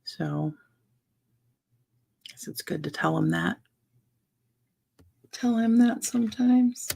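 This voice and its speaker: Young woman vlogger, soft-spoken rambling chat over a craft project, slow with some vocal fry. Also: mid-range voice, animated. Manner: rambling, soft-spoken, frequent fillers and restarts. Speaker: vlogger building a wooden puzzle. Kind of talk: casual chat while crafting.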